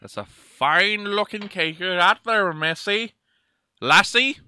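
A man's voice: deep voice, steady tone, quick pace, pushed and bright, pitched below the performer's own voice, heavily acted. A man putting on a hammy, clumsy Irish accent to read snack-packet text aloud in a mock-grand way. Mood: jolly. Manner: mock-grand ad reading, stumbling. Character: man in a hammy fake Irish brogue, jolly.

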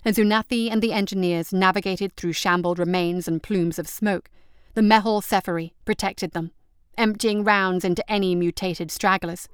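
A woman's voice: medium pitch, steady tone, moderate pace, clean tone, no echo, clean studio sound. A woman reading out an action story as narrator, telling it steadily and vividly.

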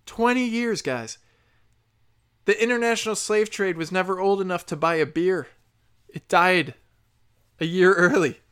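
A speaker in a profane comedic rant, sarcastic, swinging loud and high then low and muttered. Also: unhurried, pauses often, smooth. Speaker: solo commentator.

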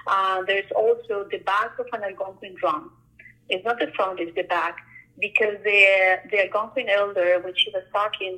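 A woman artist who works on murals, talking casually and telling stories in an animated way, often acting out the lines people said to her. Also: mid-range voice, low-quality recording. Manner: animated storyteller, acts out quoted dialogue. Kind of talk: casual conversation.

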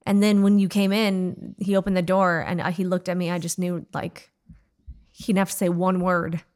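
A woman in her thirties telling a painful family memory in a halting, casual way, with pauses and "like". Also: lowish voice, flat delivery, darkish tone. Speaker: wife telling a family story. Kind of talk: emotional personal storytelling.

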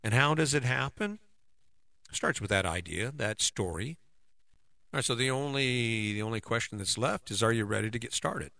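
A man's voice: medium pitch, lively intonation, moderate pace, creaky, pushed and bright, dry recording. A middle-aged man giving a conversational motivational talk as a relationship coach, often checking in with "right?". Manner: conversational, keeps asking "right?".

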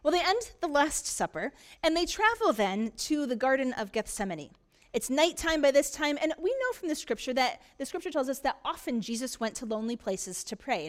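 A woman pastor preaching a sermon in a church, retelling a story earnestly with frequent restarts. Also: high-pitched.

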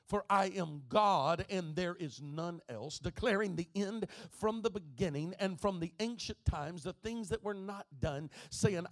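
A man preaching a sermon as pastor, moving between quiet speech and shouted, half-sung lines. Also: sits high, no room sound. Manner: preaching, swings from soft to shouting and half-singing.

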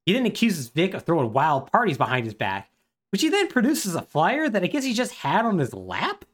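A man's voice: sits high, wildly swooping pitch, brisk. A man co-hosting a podcast, sarcastically recapping a video game plot in casual chat and acting out lines. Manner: sarcastic and wry, acts out the characters' dialogue. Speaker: podcast co-host.

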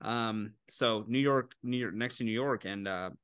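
A man co-hosting a casual sports betting podcast, animated and incredulous, quick to laugh. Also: on the low side, clean tone, no echo, clean studio sound. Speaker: podcast co-host making picks.

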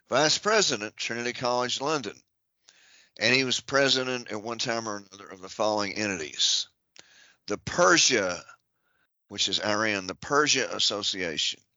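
A man's voice: mid-range voice, sharp tone, no room sound, dull audio. A man on a podcast reading out a long list of titles and offices, breaking it up with dry joking asides. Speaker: podcast guest.

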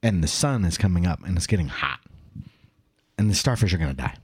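Deep-voiced and slightly rough, a middle-aged man co-hosts a casual podcast at a fairly quick pace. He spins stories with animation, ranting and emphatic.

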